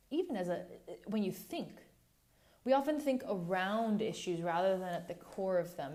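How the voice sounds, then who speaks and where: A young woman hosting a podcast, talking through a personal story in an earnest, animated way, often interrupting herself. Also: fairly low pitch. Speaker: podcast host. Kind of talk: personal monologue.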